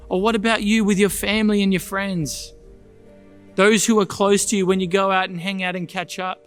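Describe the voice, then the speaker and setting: A man's voice: sits high, little pitch movement, normal speed, faint music behind. A man preaching a sermon in church, earnest, repeating his points and asking the congregation pointed questions. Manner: earnest, rhetorical questions, emphatic repetition. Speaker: pastor.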